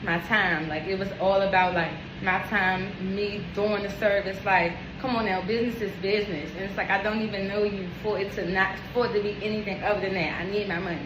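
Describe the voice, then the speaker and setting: A young woman hairstylist telling a story to her phone camera, animated, emphatic and full of swearing. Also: medium pitch, brisk, few pauses. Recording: echoey room with steady background noise.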